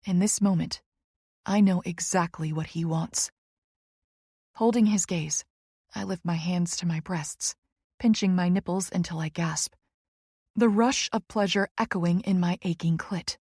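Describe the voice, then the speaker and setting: A woman narrating a first-person romance audiobook in a slow, hushed, intimate way. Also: fairly low pitch, breathy edge, no room sound, studio quality.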